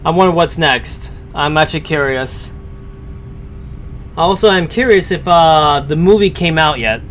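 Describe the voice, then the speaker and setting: A man's voice: a little high, measured pace, a bit bright, slight background noise. A man giving casual live-stream commentary as he reacts to a story, rambling and hesitant with many fillers.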